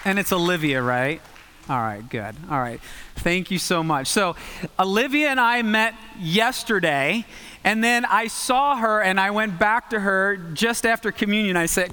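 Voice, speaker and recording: A man preaching a sermon in a church, reading scripture and then explaining it in an animated way that speeds up and slows down for emphasis. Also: high voice, smooth, in a large hall. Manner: animated, varies pace for emphasis. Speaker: guest preacher. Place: church sanctuary.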